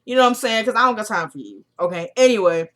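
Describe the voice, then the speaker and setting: A woman's voice: medium pitch, expressive, fast, fairly bright tone. Chatty opinionated woman vlogger. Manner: chatty, opinionated, slangy retelling. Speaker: TV recap vlogger. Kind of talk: casual episode recap.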